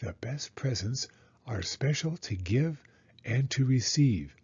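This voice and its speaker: A man voicing an eager, excitable young boy turtle in a storybook. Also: on the high side, unhurried, breathy edge, lo-fi sound, full character voice. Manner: eager, bright exclamations.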